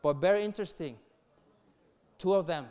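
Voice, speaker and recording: Earnest man preaching to youth, smooth voice. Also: sits high, normal speed. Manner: earnest, warm, laughs between points, repeats words. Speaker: youth pastor. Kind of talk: sermon to young people.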